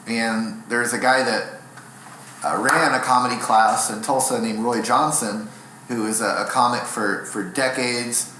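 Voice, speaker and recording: A young stand-up comedian, appearing as a guest in a relaxed interview, spins long, rambling, self-deprecating stories. His mid-range voice is unhurried, with a sharp, bright edge. The room is echoey, and a faint hiss sits behind him.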